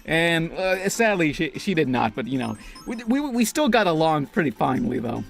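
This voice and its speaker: A man's voice: on the high side, very animated, moderate pace, vocal fry, soft background music. A man in a video telling an awkward personal story while gaming, hesitant, stammering and self-deprecating. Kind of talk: vlog storytelling over gameplay.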